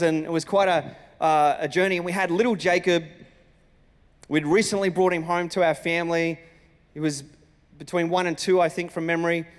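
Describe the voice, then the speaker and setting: A man, a senior pastor telling a personal story in a sermon with lively, animated delivery. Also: high-pitched, smooth. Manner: animated storytelling, acting out his own lines. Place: church auditorium. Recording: reverberant church hall.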